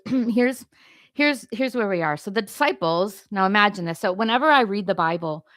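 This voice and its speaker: A woman's voice: medium pitch, fairly bright tone, dry recording. Older woman teaching scripture, chatty and dry. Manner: conversational, self-correcting, asks "right?" often. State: briefly choked up. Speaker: Christian leadership teacher. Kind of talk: informal devotional teaching.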